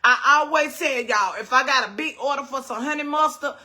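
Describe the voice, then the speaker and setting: A middle-aged woman, hosting a casual cooking livestream, firing off animated rhetorical questions. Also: high voice, brisk. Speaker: cooking show host.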